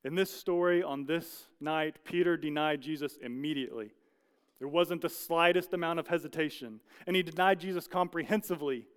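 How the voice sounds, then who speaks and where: Guy preaching a sermon, earnest storyteller, smooth clear voice, bit high. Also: moderate pace. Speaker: pastor.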